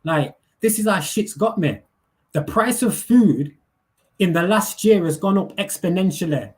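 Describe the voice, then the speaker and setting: A man's voice: high-pitched, expressive, a little slow. A middle-aged man, ranting casually and profanely on a livestream in heavy street slang. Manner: heated, profane, slangy, keeps asking "you get me".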